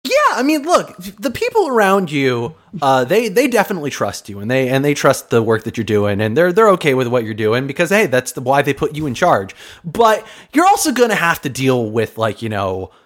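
A man's voice: medium pitch, big pitch swings, a little fast, a bit bright. A man co-hosting a podcast, giving rambling, filler-heavy answers in casual banter. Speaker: podcast co-host.

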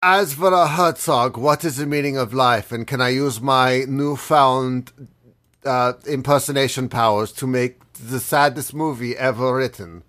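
Male podcast co-host, mid pitch, jokey earnest questions. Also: a little slow, fairly bright tone. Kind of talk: casual comedy chat.

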